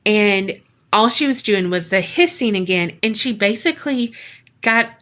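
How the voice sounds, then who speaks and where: Young female podcast co-host, bright tone, unhurried, foul-mouthed storyteller. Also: mid-range voice, expressive. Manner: slangy, profane, dramatic retelling. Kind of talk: casual storytelling chat.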